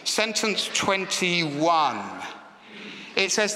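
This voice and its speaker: A man's voice: high voice, expressive, measured pace, pushed and bright. A man preaching a sermon in church, talking conversationally and putting questions to the congregation. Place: church hall. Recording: echoey hall with long reverb.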